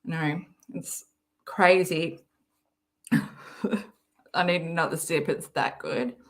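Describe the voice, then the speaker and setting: A woman's voice: fairly low pitch, fairly even intonation, slow pace. A woman with an Australian accent chatting casually on a livestream, reading out viewer comments between giggly, rambling asides. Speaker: livestream host reading chat.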